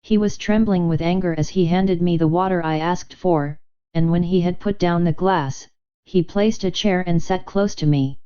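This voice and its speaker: Woman reading an audiobook, lowish smooth voice, measured and wry. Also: dark tone, highs cut off. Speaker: audiobook narrator. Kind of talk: first-person audiobook narration.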